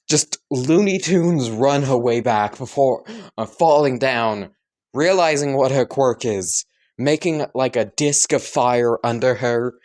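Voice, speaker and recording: A man casually improvising a fan story, rambling with fillers and the odd swear. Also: medium pitch.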